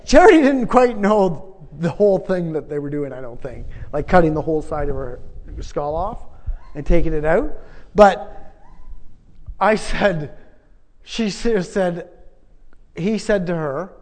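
A man's voice: a little high, animated, measured pace, pauses often, a little mellow. A middle-aged man preaching a testimony, telling a family story in an emphatic, conversational way with repeated phrases. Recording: long reverb of a large hall.

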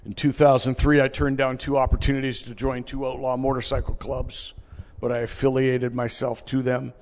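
A middle-aged man tells his personal story to a live audience in a gravelly voice. His earnest testimony drops to near-hushed passages and rises again to loud ones. His words ring out with the long reverb of a large hall. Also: mid-range voice, little pitch movement, moderate pace. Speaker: speaker giving a personal testimony.

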